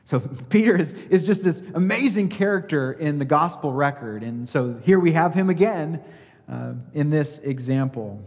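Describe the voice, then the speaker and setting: A man's voice: a little high, darkish tone, in a large hall. A man preaching a sermon as pastor, emphatic, asking his listeners rhetorical questions and acting out scripture quotes.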